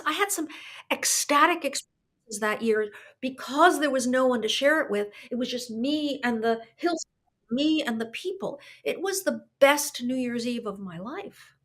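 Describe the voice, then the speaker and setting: A high-pitched, fairly bright female voice belongs to an older woman who is an artist and podcast guest. Near tears, she tells her story in a thoughtful, emotional, reflective conversational style, often breaking off and restarting sentences.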